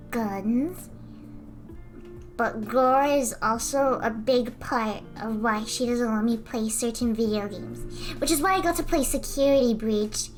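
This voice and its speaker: A female streamer chatting casually while she draws, giggling often and answering her chat. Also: a little high.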